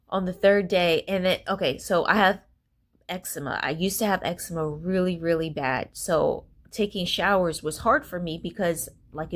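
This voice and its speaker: A young adult woman speaks in a somewhat low voice, talking straight to the camera in a loose, candid vlog. She swears freely and leans on fillers as she tells her story. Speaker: vlogger. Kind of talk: casual personal storytelling.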